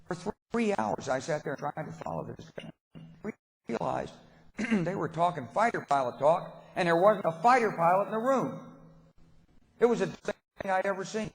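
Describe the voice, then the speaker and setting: An older man delivers a dinner keynote in a somewhat high voice, spinning emphatic anecdotes with dry, folksy humor. His words ring out with the long reverb of a large banquet hall. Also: animated, normal speed, vocal fry. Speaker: keynote speaker. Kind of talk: political dinner speech.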